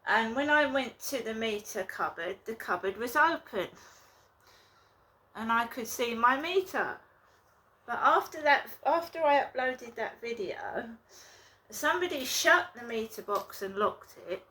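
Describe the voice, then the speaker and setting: A woman talking casually to her viewers in a rambling, indignant way, recording a vlog in her flat. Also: a little high, unhurried. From England. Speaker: vlogger. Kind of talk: casual vlog talk to camera.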